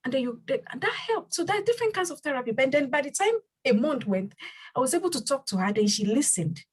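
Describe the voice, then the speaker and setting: A woman with a husky, slightly raised voice hosts a community panel discussion as its leader. She talks earnestly and drives her points home by repeating phrases. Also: high-pitched, very animated, fast talker, poor audio.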